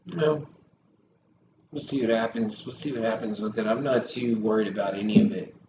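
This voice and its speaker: A man's voice: lowish voice, fairly even intonation, moderate pace. A man in his thirties rambling and swearing on a live stream, sarcastic and loose. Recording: echoey room with loud background noise.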